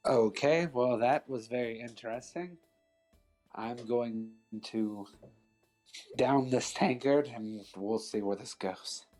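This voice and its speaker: A man playing a tabletop game in character, speaking in a hesitant, halting way. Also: medium pitch, a little mellow, soft background music. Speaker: player. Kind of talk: casual tabletop role-play.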